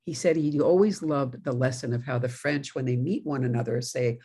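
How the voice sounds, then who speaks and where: A woman's voice: very deep voice, normal speed, warm tone, breathy edge. A middle-aged woman minister from New York giving a conversational sermon, telling stories with laughing asides. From New York, USA.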